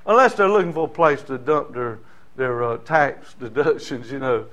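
A middle-aged man preaching a sermon, folksy and storytelling, rising now and then into shouting. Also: mid-range voice, normal speed. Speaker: pastor.

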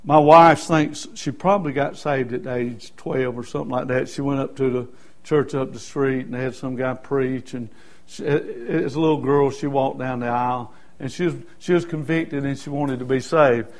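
A man preaching a sermon as a personal testimony, in a folksy way, going from soft, quiet stretches to loud shouted peaks. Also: mid-range voice, fairly even intonation, moderate pace.

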